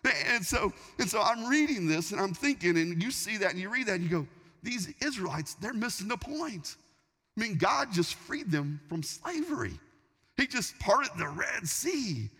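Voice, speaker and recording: A man preaching a sermon, telling a story in an animated way, often restarting his sentences. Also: sits high, moderate pace, husky. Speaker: pastor. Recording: long reverb of a large hall.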